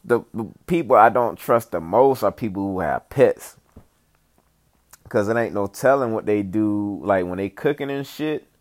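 A man's voice: lowish voice, animated, measured pace. A man telling a rambling, profane, comedic story in casual chat, full of fillers and asides.

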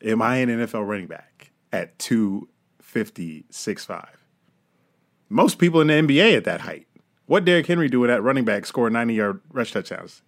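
A man's voice: medium pitch, very animated, moderate pace. A man co-hosting a podcast, chatting casually and animatedly about football, swearing and laughing. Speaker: podcast co-host. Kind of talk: casual sports chat.

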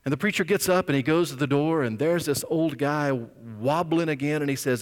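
Male pastor, sermon, conversational storytelling, slightly high voice, reverberant hall. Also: moderate pace.

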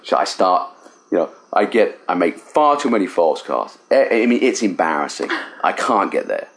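A middle-aged English man, a fly casting instructor, telling an animated, self-deprecating story in a casual interview in a cabin. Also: low voice, normal speed, slight background noise. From England. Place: riverside cabin.

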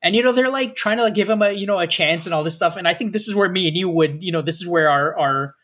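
A man with a high, somewhat husky voice talks in a loose, casual chat. He rambles through a story, stacking fillers and slipping into the voices of the people he describes. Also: fast, fairly bright tone. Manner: rambling storyteller, acts out quoted officers, many fillers.

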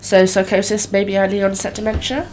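A woman's voice: mid-range voice, fairly even intonation, brisk, darkish tone, a little hiss or hum. A woman co-hosting a casual podcast, reacting bluntly with frequent swearing. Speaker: podcast co-host. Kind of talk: casual true-crime chat.

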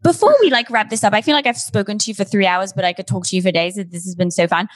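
A chatty woman hosting a casual interview, talking frankly and laughing easily. Her voice sits in a middle pitch and is recorded close, with a dry, dead sound. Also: fast talker, no room sound. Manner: chatty, laughing, candid with swearing. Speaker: host.

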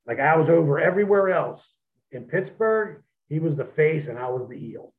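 A man, a wrestler, telling profane, animated stories as an interview guest over a phone line. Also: fairly high pitch, normal speed. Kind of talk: storytelling in an interview.

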